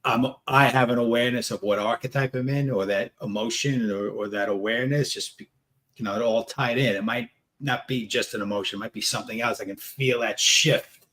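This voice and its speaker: A man hosting a conversational interview, animated and quick to laugh, sometimes searching for his words. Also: mid-range voice. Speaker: host.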